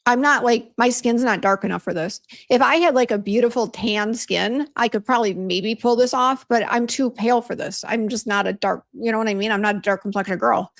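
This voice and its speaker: A beauty brand host with a voice on the high side talks briskly and creakily, hardly pausing at all. In a casual livestream she chats, vents, and reads viewer comments aloud.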